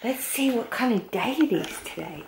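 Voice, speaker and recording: An Australian woman vlogs casually from a guest room at home, chatting into a handheld camera and using playful, sing-song baby talk with her son. Her voice is fairly high with vocal fry and lively intonation at a normal speed, against a noisy background.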